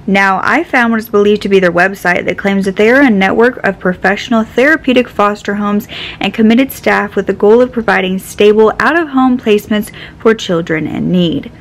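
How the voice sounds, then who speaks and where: A woman reading scripted true crime narration. She explains one fact after another in a steady, even manner and a mid-pitched voice. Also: moderate pace, rough recording.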